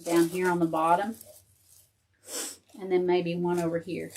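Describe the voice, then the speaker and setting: A woman's voice: lowish voice, flat delivery, a little slow, darkish tone. A woman hosting a casual live crafting tutorial. She thinks aloud as she works and chats with viewers and her dog.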